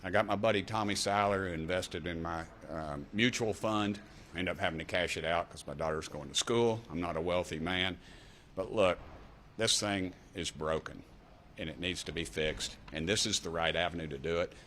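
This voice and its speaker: A man's voice: low voice, normal speed, fairly bright tone, a little hiss or hum. A man in his sixties with an East Tennessee accent, giving fiery, folksy press conference remarks with punchy repeated refrains. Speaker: congressman.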